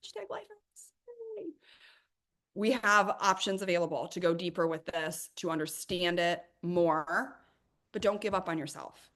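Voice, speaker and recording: A middle-aged woman with a slightly low voice hosts a live money workshop. She talks emphatically and with energy, addressing her viewers directly as she answers their questions. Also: moderate pace, a bit bright. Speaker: host of a money coaching workshop.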